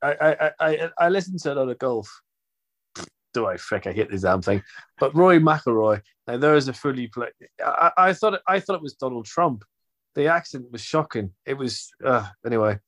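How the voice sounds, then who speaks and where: A man's voice: medium pitch, expressive, normal speed, fairly bright tone. A man hosting a football fan podcast, chatting casually with jokey, rambling banter. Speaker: podcast host. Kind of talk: casual chat.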